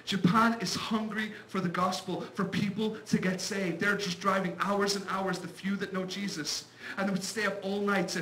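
Bright high-voiced Irish preacher. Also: male voice, rough recording. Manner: fervent, building to loud declarations. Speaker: missionary preacher. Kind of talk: sermon. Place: church.

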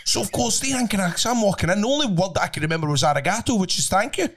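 Scottish man, rambling anecdote, keeps saying right, slightly high voice. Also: lively intonation, racing, fairly bright tone. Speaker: podcast co-host. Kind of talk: casual chat.

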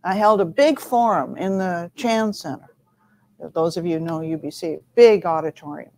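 An older woman, a former university president and panel guest, telling stories in an earnest, measured way. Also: lowish voice, a little mellow. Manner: measured, earnest, recounts anecdotes. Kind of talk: reflective storytelling in a panel talk.

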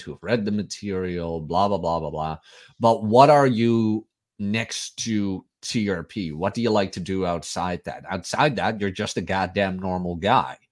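A man co-hosting a casual livestream chat, joking and laughing easily. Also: on the low side. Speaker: podcast co-host.

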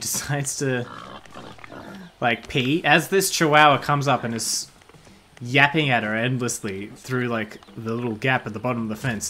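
A man's voice: mid-range voice, pushed and bright, a little hiss or hum. A man, giving casual gameplay commentary as a streamer, swearing freely and laughing often.

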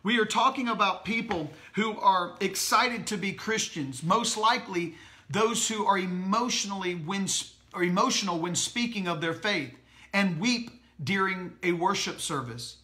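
A man's voice: high-pitched, bright, forceful tone. A male pastor reading a Christian book aloud to his congregation, stopping to repeat lines and ask the listeners questions. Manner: slow, deliberate reading with asides to listeners.

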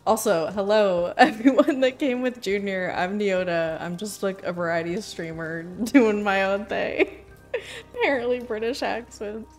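A woman's voice: mid-range voice, unhurried. Giggly, flustered young woman streamer. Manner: giggly, flustered, lots of likes. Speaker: variety streamer. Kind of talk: casual game-stream chat.

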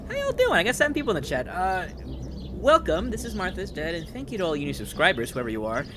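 A man's voice: sits high, wildly swooping pitch, fast talker, noisy background. A man streaming a horror game live, chatting with viewers in a jokey way and reading subtitles aloud. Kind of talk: live let's-play commentary. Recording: game music under a home stream. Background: game music.

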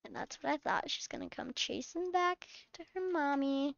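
A woman's voice: high voice, sing-song, normal speed, vocal fry, few pauses, fairly bright tone, faint music behind. A woman hosting her channel, chatting and acting as a fussing, scolding mom in a game role-play. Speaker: channel host playing a mom.

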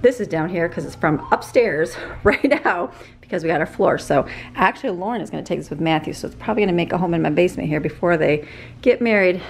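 A woman's voice: fast talker, creaky. A middle-aged woman and mother chatting casually and cheerfully as she films a home vlog from the kitchen and basement, held on a handheld camera. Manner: chatty, upbeat, talks to her dogs in a high sing-song voice. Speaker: vlogger, mother. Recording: noisy home recording.

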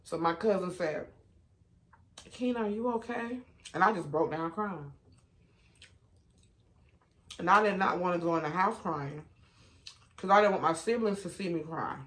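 A woman vlogger telling stories while she eats, chatty and animated, calling her viewers y'all, baby and honey. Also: moderate pace, pauses often. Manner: animated, with sudden rises in pitch and loudness. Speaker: mukbang vlogger. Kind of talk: casual storytime while eating.

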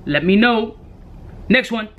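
A man's voice: high voice, animated, takes it slowly, narrow, tinny audio, slight background noise. A young man casually reviewing fragrances in a brash, joking way, full of profane street slang. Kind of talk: casual product review vlog.

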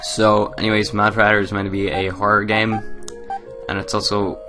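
A man's voice: on the low side, little pitch movement, moderate pace. A man casually commenting on a horror game he plays, rambling with lots of ums and giggles, into a desk microphone. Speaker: let's play gamer. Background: faint game music.

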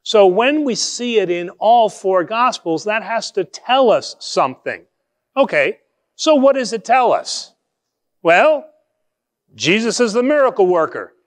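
A male pastor giving a conversational sermon, asking rhetorical questions and shifting between quick asides and slow, emphatic phrases. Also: high-pitched, big pitch swings.

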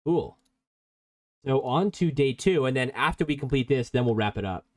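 A man's voice: mid-range voice, animated, normal speed, no echo. Casual, chatty male workshop instructor. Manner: casual, rambling, giggly, reads chat aloud. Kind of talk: live-streamed coding workshop.

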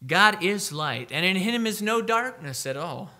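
Bright-voiced male preacher. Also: high-pitched, lively intonation. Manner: emphatic, reads scripture aloud slowly. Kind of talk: sermon.

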